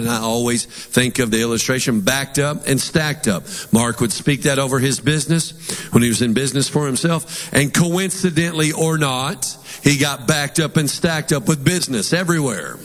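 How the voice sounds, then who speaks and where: A man's voice: a little high, a bit bright, in a large hall. A man preaching a sermon as pastor, with emphatic delivery and call-and-response lines for the congregation.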